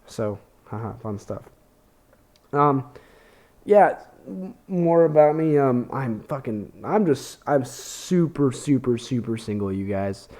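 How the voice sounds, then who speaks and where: A man's voice: mid-range voice, lively intonation, takes it slowly, mellow. A young man, hosting a podcast, telling rambling, self-deprecating comedy stories full of fillers and swearing. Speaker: podcast host. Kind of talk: casual comedic monologue.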